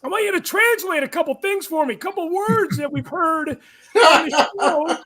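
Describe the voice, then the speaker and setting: A man's voice: very high voice, normal speed, pushed and bright. A man hosting a podcast in casual chat, playful and quizzing, laughing often. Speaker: podcast host.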